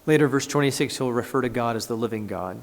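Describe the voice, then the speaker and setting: A man, a pastor, preaching a conversational, animated sermon in a church and acting out scripture. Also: medium pitch, fast talker. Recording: echoey church hall.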